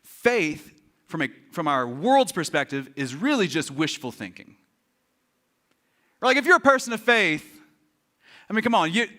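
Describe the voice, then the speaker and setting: High bright-voiced pastor guy preaching, joking around, acting stuff out. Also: normal speed. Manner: animated, joking, acts out quotes. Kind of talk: sermon. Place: church.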